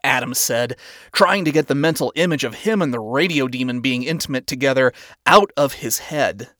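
A man narrating a fan fiction story in a steady storytelling manner. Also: mid-range voice, normal speed, no room sound, clean studio sound.

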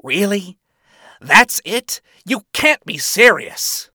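A man's voice: fairly high pitch, lively intonation, a little slow, pushed and bright, no room sound, studio quality, heavily acted. A man voicing a scornful male radio demon, disdainful and incredulous, in a fan fiction reading.

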